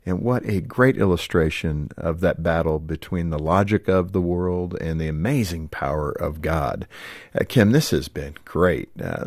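A male radio host wrapping up an interview with earnest words. His voice is very low and the studio sound is dry. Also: no room sound. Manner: earnest, warm closing remarks with "uh" fillers.

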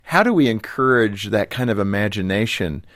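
A man hosting a radio interview, talking in a relaxed, conversational way into a studio microphone. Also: fairly low pitch, moderate pace, no room sound. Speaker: radio show host.

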